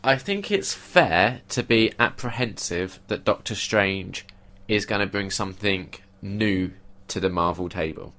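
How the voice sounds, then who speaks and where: A man's voice: lowish voice, animated, unhurried, few pauses, a bit bright. A man co-hosting a podcast, giving opinionated, casual takes on a film. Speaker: podcast co-host.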